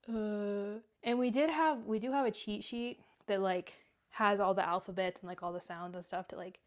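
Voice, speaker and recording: Chatty young woman telling a story. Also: medium pitch. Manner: rambling, heavy use of "like". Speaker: vlogger. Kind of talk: casual storytime.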